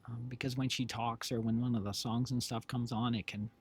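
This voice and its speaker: A middle-aged man with a medium-pitched, husky voice talks briskly and flatly while co-hosting a livestream from his home streaming setup. As a stream co-host and creator, he chats casually and ramblingly with viewers, full of fillers and self-corrections. He's using a desk microphone with headphones.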